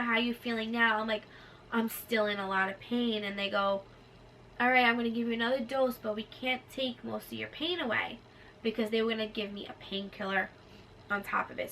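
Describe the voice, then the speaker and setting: A young woman telling a personal story to her vlog audience in casual chat, acting out what others said to her. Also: fairly quick. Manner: animated, acts out nurses' lines in a higher voice. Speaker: vlogger. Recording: slightly distant mic with faint room noise.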